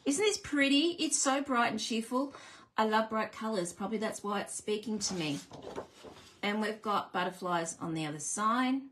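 A woman's voice: medium pitch, normal speed, a little hiss or hum. An Australian woman hosting a live card-making demonstration, bubbly and chatty as she greets viewers and walks through each step. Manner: bubbly, chatty and easily excited.

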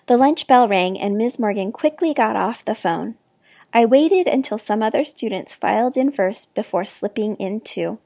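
Woman reading a storybook aloud, gravelly. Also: fairly high pitch, expressive, moderate pace, warm tone, dry recording. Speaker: reader.

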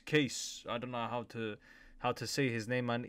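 Young guy w reacting to music, chatty, keeps repeating himself, mid pitch. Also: fairly even intonation, normal speed, smooth. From United Kingdom. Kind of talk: casual reaction commentary.

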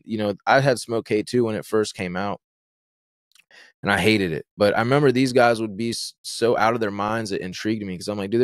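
A man's voice: on the low side, no echo, studio quality. A young man telling a personal story in a casual, rambling way, with many restarts and fillers. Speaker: guest telling his story.

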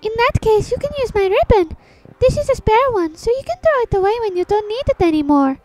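A woman doing a gentle, very high-voiced young girl. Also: lively intonation, a little fast, no room sound, faint music behind. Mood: gentle polite. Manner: soft and courteous. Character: polite gentle young girl helping a friend.

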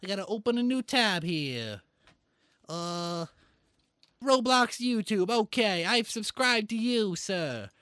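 A man plays a boastful Italian chef who rambles through endless lists of pasta, pizza and spices in a thick put-on Italian-American accent, proud of every dish. The voice sits rather high and sounds dry and close. It is comedy improv over a video chat. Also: animated, slow, a bit bright, smooth, no echo, full character voice. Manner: rambles through food lists, pleased with himself.

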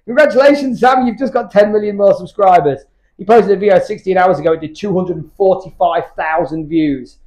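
A man's voice: sits high, fairly quick, darkish tone. A British man chatting candidly between workout sets in his home gym, rambling and swearing freely. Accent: British English. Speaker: fitness YouTuber.

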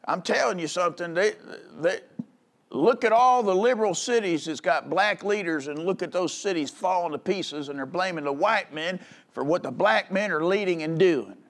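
Male pastor, high voice, fiery pulpit delivery with lots of call-and-response. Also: moderate pace. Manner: emphatic preaching with frequent call-outs for agreement; swings between low rumbling asides and loud high outbursts. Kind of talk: fiery sermon.

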